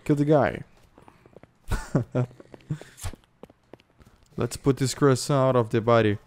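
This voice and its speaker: A man with a Brazilian accent giving live gameplay commentary, switching into excited voice-chat calls, loud outbursts and cursing. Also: mid-range voice, slow, slight background noise. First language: Brazilian Portuguese. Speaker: gaming YouTuber.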